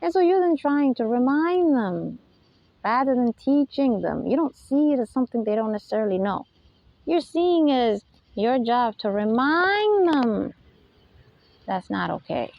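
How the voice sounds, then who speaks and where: A woman with a somewhat high, gravelly voice gives an unscripted spiritual lecture. She talks emphatically and keeps firing rhetorical questions at her listeners. The sound is dry and dull, a lo-fi recording. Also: big pitch swings, measured pace, no room sound. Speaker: spiritual talk host.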